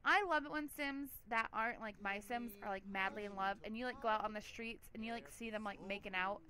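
A woman's voice: mid-range voice, brisk, bright, forceful tone. A woman hosting a let's play, giving chatty, giggly gameplay commentary with a lot of "like".

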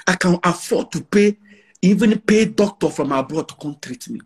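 Brash Nigerian man, husky voice. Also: high voice, animated, normal speed. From northern Nigeria. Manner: brash, defiant, repeats phrases for emphasis. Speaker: interviewee. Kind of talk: boastful interview talk.

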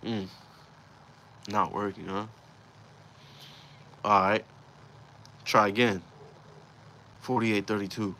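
A young man with a fairly low voice, talking loosely and profanely as he recounts a story from his own life. His delivery is casual and slangy, with plenty of restarts. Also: flat delivery, slow pace, pauses often, sharp tone, a little hiss or hum. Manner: slangy, profane, rambling retelling. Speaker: vlogger telling a personal story.

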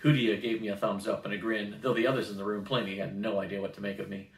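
A man's voice: on the low side, quick pace. Grandfatherly man reading a novel aloud. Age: older. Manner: steady reading, occasional throat clearing. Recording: roomy, distant mic.

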